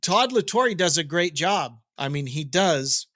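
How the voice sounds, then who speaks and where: A man's voice: on the high side, animated, measured pace, fairly bright tone, dry recording, clean studio sound. A middle-aged man hosting a daily rock news update, chatting casually with jokes and digressions. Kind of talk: casual rambling commentary.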